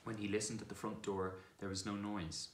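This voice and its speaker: A man narrating a storybook in a calm, measured reading. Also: lowish voice, background noise. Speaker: reader. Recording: echoey room.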